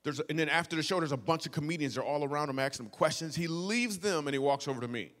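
A young man from Michigan performs a stand-up comedy story with playful, animated energy, dropping to quiet asides and then rising into loud outbursts. His voice sits a little higher than most men's. A long reverb trails his words, as if he is heard across a big hall. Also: fast talker.

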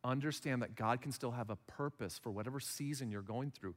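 A man's voice: medium pitch, fairly quick, in a large hall. A man in his thirties preaching a sermon as pastor, conversational, acting out little dialogues. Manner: conversational, acts out little dialogues in other voices.

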